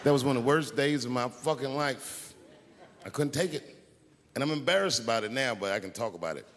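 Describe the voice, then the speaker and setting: A man doing stand-up comedy on stage at a large live venue, telling stories in a laid-back way with sudden loud outbursts. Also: medium pitch, lively intonation, fairly quick. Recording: echoey arena with crowd noise.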